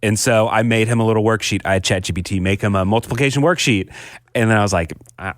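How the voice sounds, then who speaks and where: A man's voice: on the low side, no room sound, clean studio sound. A man co-hosting a casual parenting podcast, chatty and self-deprecating. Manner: chatty, self-deprecating, quick to laugh along. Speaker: podcast co-host.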